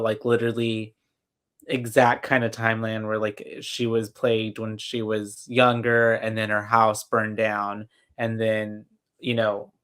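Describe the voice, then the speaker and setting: A man's voice: lowish voice, a bit bright, clean tone. Rambling man recapping a horror film. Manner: rambling, many fillers and restarts. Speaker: podcast co-host. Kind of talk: casual horror movie recap chat. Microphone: video call.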